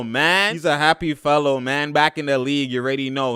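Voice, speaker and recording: A young man reacts to basketball footage in loose, slang-heavy commentary, laughing a lot and jumping into squeaky impressions of players. His voice sits a little high and sounds bright and clean. The recording is close and dry. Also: a little fast, few pauses, clean tone, no echo.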